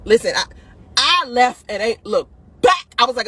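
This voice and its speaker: A woman's voice: fairly high pitch, expressive, moderate pace, bright, forceful tone, slightly rough. A woman hosting a video, giving dating advice in blunt, profane casual talk, laughing often and tossing "listen" and "right?" at her audience.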